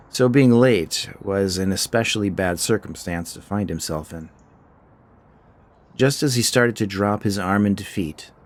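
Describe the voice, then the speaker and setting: A man narrating a short fiction story in a measured, scripted storytelling style. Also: fairly low pitch.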